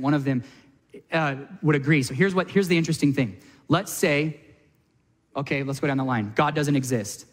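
A man preaching in a church sanctuary, his voice sitting a little high for a man. He talks animated and conversational, acting out the people he quotes. A long reverb hangs on each phrase in the big hall. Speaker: pastor. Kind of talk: sermon.

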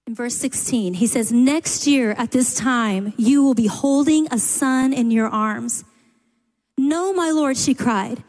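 A woman's voice: fairly high pitch, slow, a little mellow. A woman preaching a sermon, retelling a scripture story in an earnest, emphatic way, speaking into a microphone. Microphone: handheld microphone. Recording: reverberant hall.

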